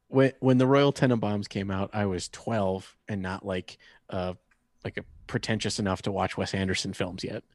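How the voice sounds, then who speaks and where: A man's voice: fairly low pitch, fairly even intonation, normal speed. A man in his thirties on a casual sports podcast, dropping wry one-liners. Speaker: podcast co-host.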